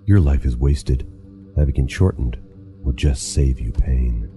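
A man's voice: rumbling low, expressive, a little slow, over music. A man doing a stern elf commander. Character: menacing male elf leader, stern and commanding.

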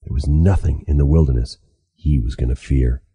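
A man, the author, reading his own novel aloud in a steady, even audiobook narration. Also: extremely low pitch, moderate pace.

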